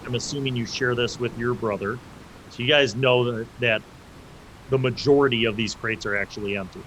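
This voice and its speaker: A young man narrates a tabletop game as its game master, loose and casual, full of fillers and restarts. His voice sits at an ordinary middle pitch. A faint hiss runs under the recording. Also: steady tone, fairly quick, a bit bright, low-quality recording. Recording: faint background noise.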